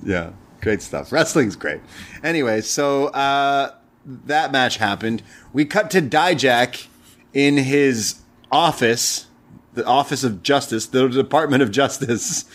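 A man's voice: medium pitch, expressive, slow pace. A young man co-hosting a review show in casual chat, talking loosely, retelling scenes and laughing often. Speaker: podcast co-host.

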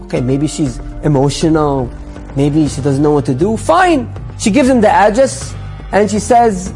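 Very high-voiced man telling a story. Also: expressive, moderate pace, a little mellow, soft background music. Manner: emphatic, repeats phrases for effect. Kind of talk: spoken storytelling.

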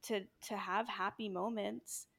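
Woman guest, nurse and yoga teacher, mid-pitched everyday voice, candid and casual, swears freely. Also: fairly even intonation, a little slow, gravelly, a bit bright. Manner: candid and frank, swears casually, talks in loose run-on phrases. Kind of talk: casual conversational interview.

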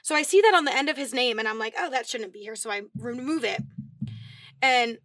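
Brisk and a little high, this young woman's voice comes through a dry, clean studio recording. She's an animated podcast co-host who tells stories casually and doesn't hold back on swearing.

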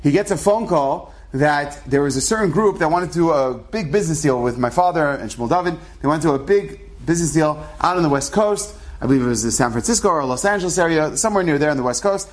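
A man with a slightly higher voice tells a story in a loose, chatty way. He slips into the voices of the people he describes, his pitch rising and falling as he goes. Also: animated, quick pace, few pauses. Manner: chatty, acts out dialogue with shifting pitch. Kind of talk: casual spoken storytelling.

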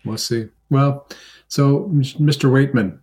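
A man's voice: mid-range voice, unhurried, a little mellow, breathy edge. A man co-hosting a casual music podcast, chatty, laughing and repeating himself. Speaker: podcast co-host. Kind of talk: casual chat.

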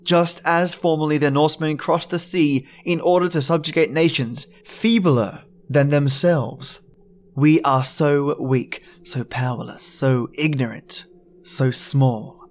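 A man's voice: on the high side, steady tone, slow. A man narrating a classic horror story in the first person, reading in an anguished, theatrical way as a podcast storyteller.

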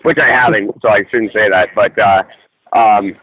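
A man's voice: fairly low pitch, steady tone, moderate pace. A Canadian man co-hosting a podcast, talking in a wry, opinionated, rambling way with lots of fillers. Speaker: podcast co-host. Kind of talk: casual banter. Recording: tinny lo-fi line with faint hiss.

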